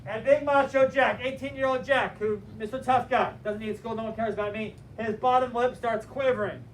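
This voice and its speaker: Man, high-pitched, animated teacher, motivational, distant mic, faint background noise. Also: normal speed. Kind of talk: storytelling lesson to a class. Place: classroom.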